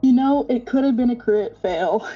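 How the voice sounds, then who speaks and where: A woman playing in a tabletop role-play stream, excitable and playful, laughing often. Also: a little high, moderate pace, lo-fi sound, over music. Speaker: tabletop game player. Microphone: home mic on a live stream.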